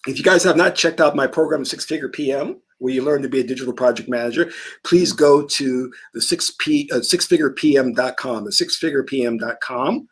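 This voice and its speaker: A man's voice: mid-range voice, brisk, a bit bright, husky. A man hosting a casual talk stream, telling stories in an emphatic way. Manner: emphatic storytelling. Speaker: host.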